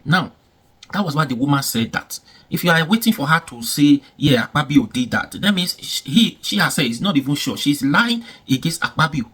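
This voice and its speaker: A man's voice: fairly high pitch, big pitch swings, fairly quick, sharp tone, slightly rough. A man giving casual, emphatic commentary, repeating himself and asking rhetorical questions.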